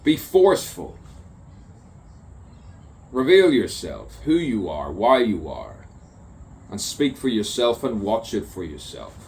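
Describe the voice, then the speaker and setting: A man's voice: on the low side, wildly swooping pitch, unhurried, creaky, darkish tone. A man reciting his own spoken word poem in a musing, repetitive way, with sudden emphatic bursts. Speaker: poet. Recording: distant mic with faint background noise.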